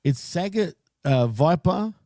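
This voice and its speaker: A man's voice: fairly high pitch, animated, slow, dark tone, no room sound, studio quality. A man co-hosting a casual wrestling podcast, blunt and opinionated in his takes. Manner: blunt, opinionated, laughs along. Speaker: podcast co-host. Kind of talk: casual wrestling recap chat.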